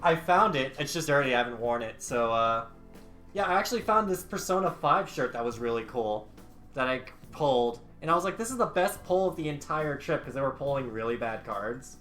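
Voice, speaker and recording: A young man co-hosting a live gaming stream, telling stories in an animated, casual way and swearing freely. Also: medium pitch, fairly quick, faint music behind. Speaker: livestream co-host.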